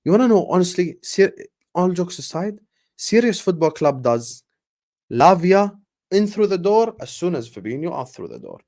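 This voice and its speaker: A man hosting a fan livestream in an animated, fired-up rant, his voice sitting a little higher than most men's. He talks passionately to his chat and stumbles over repeated words when he gets going. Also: moderate pace. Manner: passionate, fired-up, shouting out viewers. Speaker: football fan channel host.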